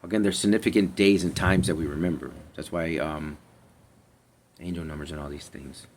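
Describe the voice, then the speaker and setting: Man, spiritual reader, very low gravelly voice, rambling tarot chat, sighs, faint hiss. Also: fairly even intonation, fairly quick. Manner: meandering, trails off, sighs often; drifts between loud and hushed. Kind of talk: rambling casual tarot vlog.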